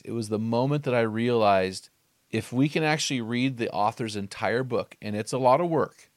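A man's voice: mid-range voice, dry recording, clean studio sound. A man hosting a podcast, telling stories in a casual chat and acting out the quotes. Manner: animated storyteller, acts out quotes. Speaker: podcast host.

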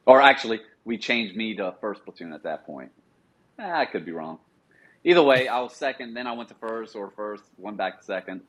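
A middle-aged man, a former Marine, telling service stories in a casual interview and acting out the officers he quotes. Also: brisk. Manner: animated storyteller, acts out quoted officers in a higher voice. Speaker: podcast guest, former Marine sniper.

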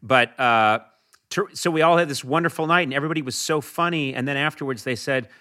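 A man chatting casually as a guest, telling lively anecdotes. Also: medium pitch, fast. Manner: animated storyteller, slips into Irish voices for laughs. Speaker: talk show host, guest.

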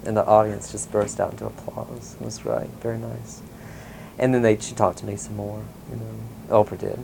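A man from the US South, telling a personal story in a casual interview, rambling with many ums and soft chuckles. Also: lowish voice, level tone, moderate pace, gravelly, background noise. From Mississippi, US South. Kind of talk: casual oral-history storytelling.

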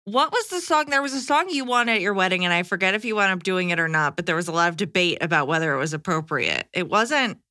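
A woman's voice: fairly low pitch, animated, fast, few pauses, sharp tone, no room sound, clean studio sound. A woman co-hosting a podcast, reading listener questions in casual chat and laughing easily. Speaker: podcast co-host.

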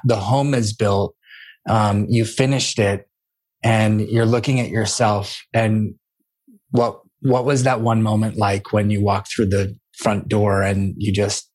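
A male host with a fairly low voice leads the interview. He asks his questions haltingly, restarting as he goes, and offers warm encouragement between them. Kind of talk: podcast interview.

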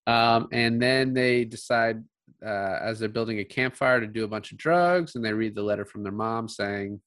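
Man, lowish voice, casual film chat, laughs a lot, dry close mic. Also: normal speed, clean tone, dry recording. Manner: relaxed, laughs often, quotes film lines in passing. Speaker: podcast co-host.

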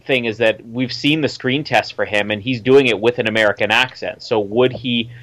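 A man co-hosting a casual film chat, talking in a measured, explanatory way. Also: medium pitch, fairly even intonation, fairly bright tone. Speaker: podcast co-host.

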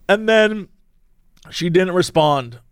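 A man's voice: high-pitched, fairly bright tone, no room sound, clean studio sound. A man casually retelling an online chat, acting out the quoted messages and laughing often.

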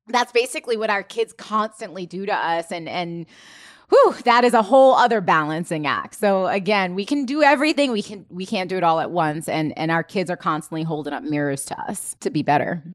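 A woman's voice: medium pitch, no room sound, clean studio sound. A woman, a podcast co-host, chatting expressively and acting out quotes as she tells a story. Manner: expressive, laughing, acts out quotes. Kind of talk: casual conversation.

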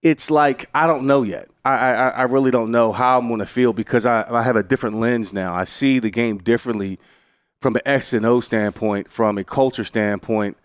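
Middle-aged male coach, interview storyteller, average pitch, excitable, laughs and belts out the quotes. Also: moderate pace, clean tone, no echo, clean studio sound. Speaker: head coach and former player.

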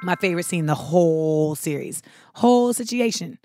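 A young woman hosting a podcast, chatting casually and comically, swearing freely and breaking into shouts as she acts out scenes. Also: lowish voice, expressive, normal speed, over music. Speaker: podcast host. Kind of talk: casual comedic monologue.

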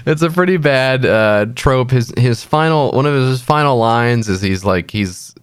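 A man's voice: medium pitch, animated, a little slow, clear, resonant tone, no room sound, studio quality. A man co-hosting a casual movie review podcast, sarcastic and jokey, slipping into silly voices to mock lines. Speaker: podcast co-host.

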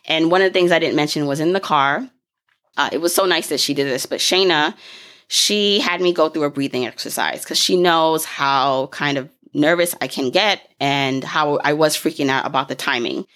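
Chatty low-voiced young woman. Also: a bit bright. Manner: chatty, fast-paced, fillers and self-corrections, laughs often. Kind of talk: casual storytelling.

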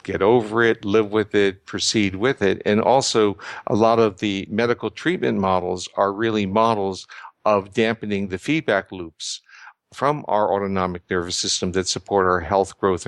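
A man's voice: fairly low pitch, dry recording. An older man answering interview questions, explaining ideas at length with frequent restarts and fillers. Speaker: guest researcher.

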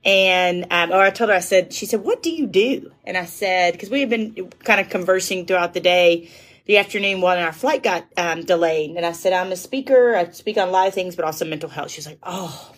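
A woman's voice: lowish voice, a little fast, a bit bright. A woman who works as a public speaker, telling a rambling personal story in a chatty way and calling her listeners y'all. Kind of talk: casual storytelling.

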